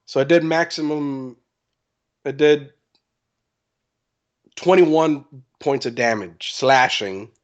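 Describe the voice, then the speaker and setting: A man playing a tabletop game, relaxed, giving short casual replies. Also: medium pitch, slow, pauses often. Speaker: player.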